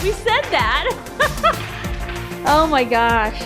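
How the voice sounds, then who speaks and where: A woman's voice: extremely high pitch, big pitch swings, measured pace, music in the background. A woman from Texas vlogging at home, chatting casually with lots of laughter as she tells stories. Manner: chatty, laughing often, storytelling. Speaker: vlogger, mother. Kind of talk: casual chat. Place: family home, indoors.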